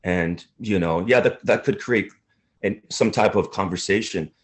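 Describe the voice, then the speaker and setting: Earnest low-voiced male actor. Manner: earnest, halting, emotional. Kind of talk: interview.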